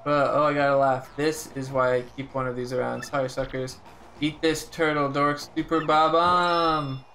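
Man doing a gloating villain henchman, gravelly, bragging. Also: fairly high pitch, little pitch movement, moderate pace, pushed and bright, slight background noise. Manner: gloating, brash. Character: boastful scheming male villain minion.

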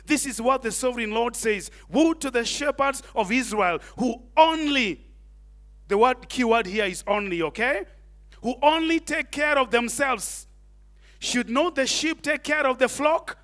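A middle-aged man preaching a sermon, animated, tossing in Swahili asides and questions to the congregation. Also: extremely high pitch. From Kenya. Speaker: pastor.

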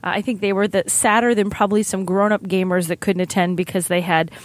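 A woman's voice: medium pitch, steady tone, quick pace. A middle-aged woman hosting her own podcast segment, telling a chatty, upbeat story about a convention. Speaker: segment host.

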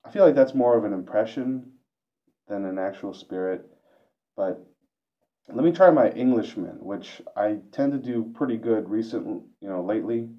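Speaking in a fairly low voice with vocal fry, a man records a reflective vlog monologue. He sounds hesitant and self-questioning, often restarting his sentences, and the lo-fi recording is dull.

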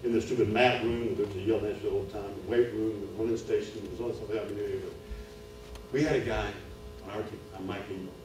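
A middle-aged man giving a sermon at a men's retreat, telling a personal story and building to loud preaching. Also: fairly low pitch, fairly even intonation, quick pace. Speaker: retreat speaker. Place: church retreat hall. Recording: echoey hall, far from mic, music behind.

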